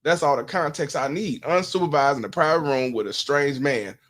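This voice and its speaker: A man's voice: on the high side, normal speed, fairly bright tone. A man, hosting a commentary stream, blunt and profane, putting questions to his audience. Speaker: host.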